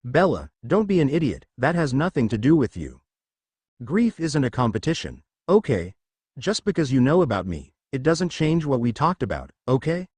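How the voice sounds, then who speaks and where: A man reads a sarcastic young woman in this storybook reading. Her tone is icy, and she cuts people off fast. The voice swings up and down freely, close and dry. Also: mid-range voice, sing-song, darkish tone, husky, no echo.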